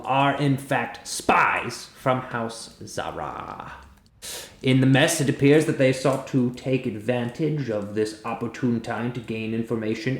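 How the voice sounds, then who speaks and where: A pompous, scheming noble lord, as a man puts him on for a tabletop game. He blusters and speaks slowly and gravely. The room is echoey. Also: mid-range voice.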